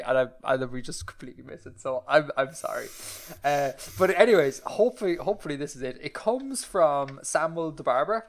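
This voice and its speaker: A man's voice: on the high side, brisk, few pauses. A man with an Irish accent co-hosting a podcast, rambling and self-deprecating as he chats. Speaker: podcast co-host. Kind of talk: casual chat.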